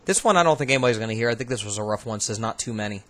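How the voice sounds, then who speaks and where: A man hosting as a paranormal investigator, casually talking through recordings in a relaxed, halting way, thinking aloud with fillers. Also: fairly low pitch, slight background noise. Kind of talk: casual commentary reviewing recordings.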